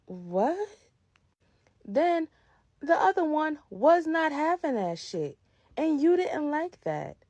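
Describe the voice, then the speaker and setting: A woman's voice: high voice, big pitch swings, slow, pauses often, darkish tone, dry recording. A woman podcast host delivering a heated, profane rant about wrestling, emphatic and fired-up.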